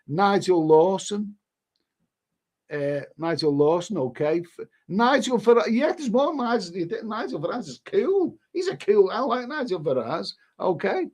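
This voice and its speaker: A man's voice: high-pitched, sing-song, normal speed, darkish tone. A middle-aged man hosting a live stream in casual chat, rambling and often restarting his sentences as he reads viewer comments. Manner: rambling, repeats words, frequent restarts.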